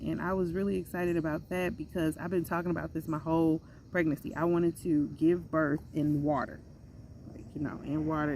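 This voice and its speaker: Young female vlogger, lower register with some vocal fry, casual storytime delivery, animated and chatty. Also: slight background noise. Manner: chatty, animated, acts out others' voices when quoting. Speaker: vlogger telling a personal story.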